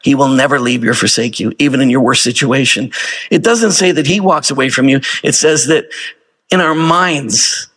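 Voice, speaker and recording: A man's voice: medium pitch, normal speed, a bit bright, husky. A male pastor delivering a sermon in a casual, conversational way, firing off rhetorical questions to the congregation.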